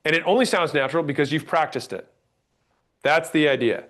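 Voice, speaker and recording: A man teaching a sales class, blunt and emphatic, demonstrating pauses and rising inflection as he explains. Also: on the high side, a bit bright. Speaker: sales trainer. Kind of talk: instructional talk on sales tonality.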